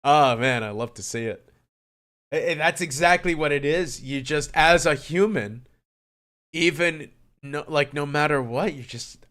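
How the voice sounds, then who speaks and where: Bright-voiced excitable male streamer. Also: on the high side, a little slow. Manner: excitable, swears often, jumps between hushed and loud. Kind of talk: casual livestream music commentary.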